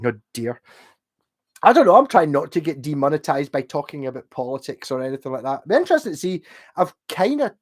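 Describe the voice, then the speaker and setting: This man talks fast in a high-ish, sing-song voice. He is a livestreamer at home late at night, a few drinks in and drunk, cheerfully rambling from topic to topic, reading out chat messages and breaking into easy laughs.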